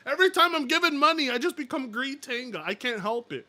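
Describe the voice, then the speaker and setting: A man chatting casually on a live stream, excitable, joking and swearing. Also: very high voice, quick pace.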